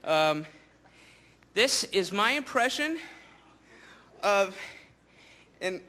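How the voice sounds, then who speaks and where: A man's voice: high-pitched, sing-song, drawn-out words. Rambling male stand-up comedian. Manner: rambling storytelling with many fillers and restarts. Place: live theater stage before an audience. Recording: live show with loud crowd noise.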